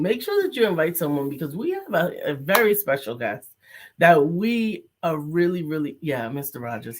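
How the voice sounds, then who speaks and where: Upbeat, teasing woman co-host. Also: sits low. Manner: upbeat, teasing, laughs often. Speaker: co-host of a motivational show. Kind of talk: casual chat.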